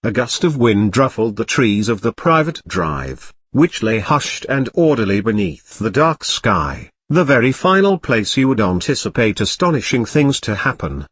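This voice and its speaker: A man narrating a comic parody storybook in an even, plain reading. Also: medium pitch, normal speed, hardly any pauses, slightly rough.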